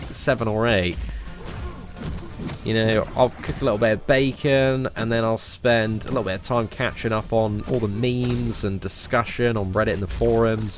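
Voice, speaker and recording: A young man, chatting cheekily with viewers on a late-night live stream, swearing casually and calling everyone mate. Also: lowish voice.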